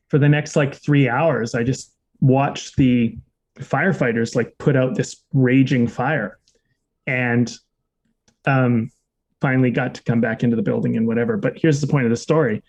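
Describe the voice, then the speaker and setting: A man of average pitch tells a personal story on a podcast. He keeps it loose and conversational, drops "like" into nearly every sentence and swears now and then. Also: a little slow, pauses often, dull audio. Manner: relaxed, frequent "like" fillers, occasional swearing. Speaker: podcast co-host. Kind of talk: casual storytelling.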